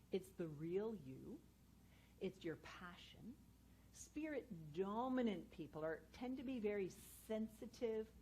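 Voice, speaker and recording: A woman's voice: medium pitch, darkish tone, a little hiss or hum, rough recording. Earnest woman speaker telling personal stories. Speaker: guest speaker and educator. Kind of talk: inspirational talk to an audience. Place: spiritual centre hall with a live audience.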